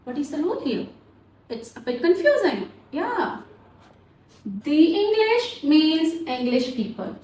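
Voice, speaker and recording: A woman's voice: high voice, big pitch swings, measured pace, darkish tone. A woman teaching English grammar, talking patiently and repeating words so learners can practice pronunciation. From Pakistan. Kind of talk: grammar lesson. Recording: roomy echo, faint background noise.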